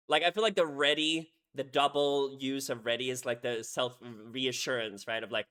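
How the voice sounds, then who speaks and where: A man in the middle of an emotional lyric breakdown, his voice sitting at an ordinary middle pitch. He is animated and keeps tossing out "right?" as he goes, swinging between bursts of loud excitement and hushed, tender asides. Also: moderate pace, few pauses. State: emotional, head hurting. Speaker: music reaction creator.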